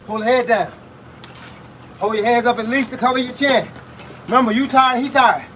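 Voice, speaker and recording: Breathless, high-voiced boxing coach grunting through punches. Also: male voice, moderate pace, fairly bright tone, a little hiss or hum, low-quality recording. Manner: grunts with each punch between short spoken cues. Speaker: fitness coach. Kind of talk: live boxing workout coaching.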